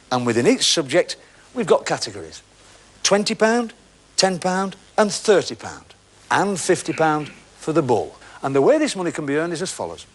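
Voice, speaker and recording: A man's voice: on the high side, breathy edge. A man hosting a television game show, chatting and teasing the contestants in a jokey way. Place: television studio.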